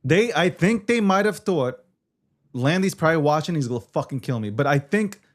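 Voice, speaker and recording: Dude on a political talk show, pitch jumps all over, swears a lot, lots of like and you know. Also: male voice, moderate pace. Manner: animated, swears, frequent fillers like "you know" and "like".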